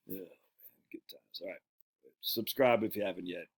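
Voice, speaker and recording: A show host who grew up on Peaks Island, Maine, tells casual, rambling stories in a chatty way, correcting himself as he goes. His voice sits low and slightly rough, at a normal speed.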